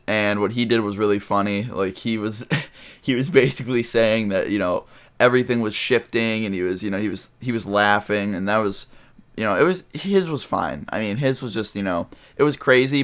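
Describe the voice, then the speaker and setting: A young man vlogging, telling a story in a rambling, casual way full of "you know" and "I mean". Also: lowish voice.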